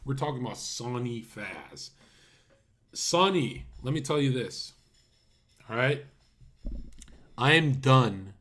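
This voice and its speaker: Slow and sing-song, with long pauses, his mid-range voice sounds a bit bright. He's hosting a casual livestream through a USB condenser mic, reacting to clips and ranting at chat in a blunt, mocking way.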